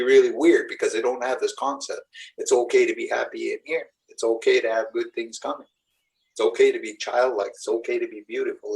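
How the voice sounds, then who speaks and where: A man's voice: mid-range voice, gravelly, darkish tone, distant mic, low-quality recording. A middle-aged man, a shaman and spiritual teacher, giving a rambling, earnest talk to a live group. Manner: rambling, earnest storytelling with acted-out quotes.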